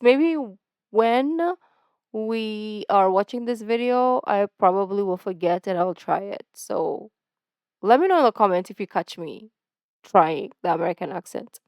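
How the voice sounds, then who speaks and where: A woman's voice: medium pitch, a little mellow, clean tone, no room sound. A young adult woman hosting a reaction video, chatting casually in a self-conscious, giggly way.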